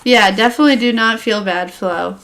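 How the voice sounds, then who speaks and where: A woman's voice: mid-range voice, fairly quick, fairly bright tone. A woman casually giving a tarot reading on a livestream, chatty and laughing often, with lots of fillers. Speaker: tarot reader.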